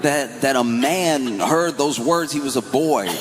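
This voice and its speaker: A man's voice: medium pitch, measured pace, big-room sound. A man doing stand-up comedy, telling a story loosely with laughs and fillers.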